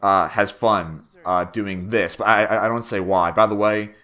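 A man's voice: on the low side, fairly even intonation, moderate pace, a bit bright. A young man giving a rambling, stammering director's commentary on his own machinima, full of fillers and swearing.

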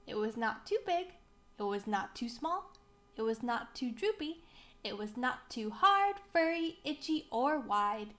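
A woman reading a children's picture book aloud, slow, clear and expressive for young children. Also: a little high. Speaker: museum storybook reader.

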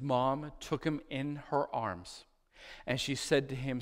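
A male pastor preaching a sermon in a church, moving between emphatic, loud declarations and hushed, soft phrases as he tells a story in repeated lists. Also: fairly high pitch, lively intonation, normal speed. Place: church sanctuary.

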